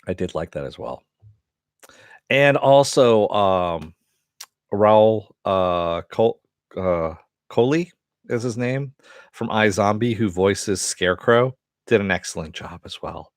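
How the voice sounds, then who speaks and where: A man hosting a casual spoken review of an animated series, rambling with many fillers, laughing often and swearing with enthusiasm. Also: fairly low pitch, slow pace, no echo, studio quality. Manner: profane and enthusiastic.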